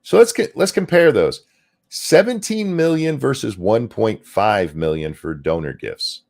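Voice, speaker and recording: Deep sarcastic man on a talk stream. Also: expressive, measured pace, creaky, a little mellow. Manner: sarcastic, reads news items aloud. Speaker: co-host of a political talk stream. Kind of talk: casual political commentary stream.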